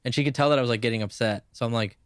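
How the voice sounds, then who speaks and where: A man's voice: mid-range voice, rapid-fire, clean tone, no echo, studio quality. A man co-hosting a podcast, telling a rambling, profane story in casual chat. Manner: profane, animated anecdote-telling with laughs. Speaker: podcast co-host.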